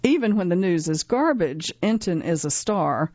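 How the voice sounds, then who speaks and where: A woman narrates a news feature from a script, in a measured, even reading. The recording is dry and a little dull. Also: fairly low pitch, no echo.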